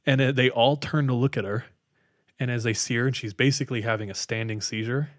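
A man in the middle pitch range telling a ghost story on a podcast. He talks casually, with fillers like "like", and drops his voice low for the eerie moments. The sound is dry and close, with no room echo. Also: brisk. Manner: animated retelling with fillers, hushed for spooky parts.

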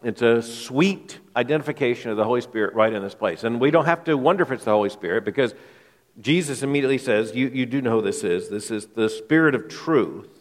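A man's voice: mid-range voice, a little fast. A male pastor preaching an expository sermon to his congregation, emphatic, often repeating words as he thinks aloud. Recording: long hall reverb.

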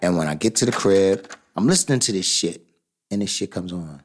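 A middle-aged man telling a story casually, profane and animated, acting out other people's voices. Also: low-pitched, fairly quick, slight background noise. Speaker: hip hop artist. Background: music.

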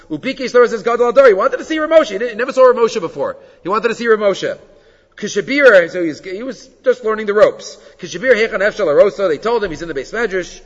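A man teaching a Torah class on the weekly portion, telling stories with animated energy and mixing Hebrew quotes into English explanation. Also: sits high. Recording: dull recording with long hall reverb.

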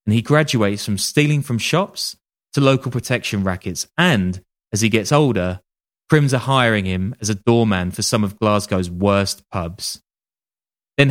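A man telling a true-crime story casually on a podcast, with wry joking asides and casual swearing. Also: fairly low pitch. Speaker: podcast host.

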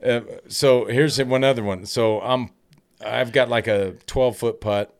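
A middle-aged man, a former pitcher, telling stories in casual chat and laughing through his punchlines. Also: steady tone, unhurried. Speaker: retired baseball pitcher guest.

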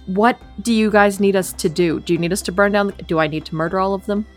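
A woman's voice: medium pitch, fast talker, faint music behind. Woman planning aloud at the game table. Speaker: player. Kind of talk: casual tabletop play.

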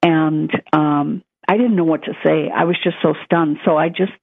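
A woman's voice: low voice, moderate pace, vocal fry, dry recording. Woman telling a story over a tinny phone line. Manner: animated, acts out quoted voices. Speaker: guest. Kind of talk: storytelling in a conversation.

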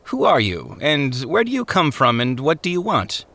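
A man voicing a grave, kindly male gatekeeper in an audiobook drama, speaking solemnly and chiding gently. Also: on the high side, big pitch swings, moderate pace, voice pushed up, heavily acted.

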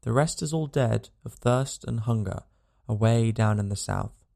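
A man's voice: fairly low pitch, a little slow, creaky, warm tone. A man voicing a gaunt, weary male wanderer who talks in a plain, folksy way. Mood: defiant.

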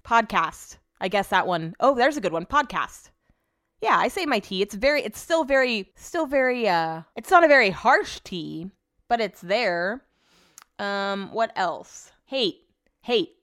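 Californian woman host, solo casual podcast, rambling and profane, medium pitch. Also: fairly bright tone.

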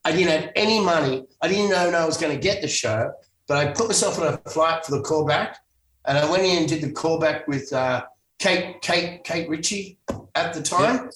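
The middle-aged Australian actor's voice is fairly high and fairly bright at a normal pace, with a little hiss or hum in the audio. As a guest in a relaxed interview he tells meandering stories, backtracking and fixing his words, recorded on a distant mic with roomy echo.

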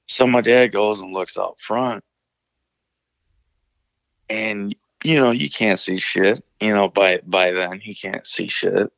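A man's voice: low-pitched, flat delivery, slow, vocal fry, a bit bright, dry recording, dull audio. A man from Illinois, calling in to a show, telling a story casually, rambling and swearing with many restarts. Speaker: caller telling stories.

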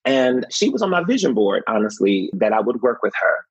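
A male actor talking in an interview, expressive and animated, laughing often and acting out quotes. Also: medium pitch, a little fast, husky, no room sound. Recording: slightly muffled, dry.

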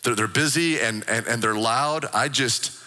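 A man's voice: medium pitch, unhurried, bright, forceful tone. A man doing a frazzled mama elephant. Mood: exasperated. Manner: exasperated, pleading, stammering. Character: frazzled mother elephant craving quiet.

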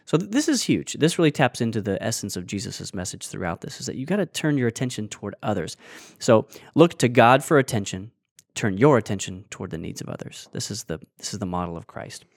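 Lower-voiced man explaining scripture earnestly. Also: sing-song, brisk, dry recording, studio quality. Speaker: podcast co-host. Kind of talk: casual faith discussion.

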